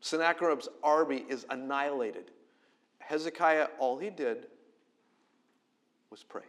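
A middle-aged man, a pastor, preaching a conversational sermon that swings between loud emphasis and quiet, close delivery. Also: fairly high pitch, unhurried.

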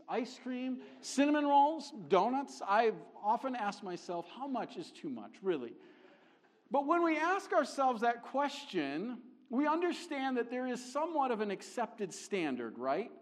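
A middle-aged man preaching a sermon as a visiting missionary, conversational and joking, growing animated as he builds a point. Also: very high-pitched, moderate pace. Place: church sanctuary. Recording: long hall reverb.

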